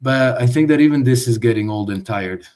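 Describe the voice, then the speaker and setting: A man talks through his answers as an interview guest. His pitch sits in the middle of the male range, and he often stumbles and restarts his sentences as he thinks aloud. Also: a little fast, darkish tone. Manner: thoughtful, with frequent restarts and stammers. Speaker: guest commentator. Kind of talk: conversational interview.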